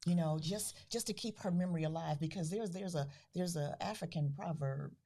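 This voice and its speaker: Low, husky woman asking questions. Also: fairly quick, dark tone. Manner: attentive listener with short affirming replies. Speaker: podcast interviewer. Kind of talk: casual podcast conversation.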